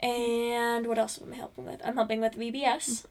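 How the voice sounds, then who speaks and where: A woman's voice: on the high side, little pitch movement, moderate pace, a little mellow, a little hiss or hum. A young woman co-hosting a podcast, chatting casually and rambling with fillers. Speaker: podcast co-host. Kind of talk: casual chat.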